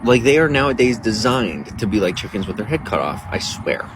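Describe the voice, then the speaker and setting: Outside near a coffee shop, a man hosting a livestream rambles to his viewers and reads their chat aloud. His voice is on the low side and sing-song, fairly quick, over a noisy background.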